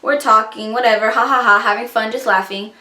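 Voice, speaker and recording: Young female vlogger, rambling storyteller, higher-pitched voice, roomy echo. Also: fairly even intonation, a little fast, bright, forceful tone. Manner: rambling, filler-heavy storytelling. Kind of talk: storytime vlog, casual retelling.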